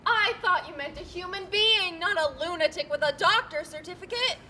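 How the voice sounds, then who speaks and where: A woman's voice: extremely high pitch, normal speed, pushed and bright, slight background noise. A woman playing a harried, stiffly formal female bank manager in a live stage play, recorded on a school stage. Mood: frantic. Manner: stiff, formal, increasingly exasperated. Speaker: stage actor.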